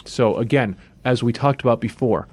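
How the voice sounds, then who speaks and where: A man's voice: mid-range voice, normal speed. A man co-hosting a casual chat show, adding matter-of-fact comments and agreeing with his partner. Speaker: podcast co-host.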